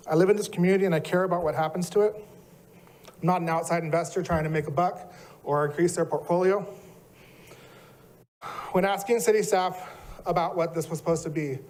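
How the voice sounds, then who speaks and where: A man's voice: a little high, darkish tone. A middle-aged man giving an earnest, emotional public comment at a city planning meeting. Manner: earnest, emotional, listing his civic roles. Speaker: resident speaking at public comment.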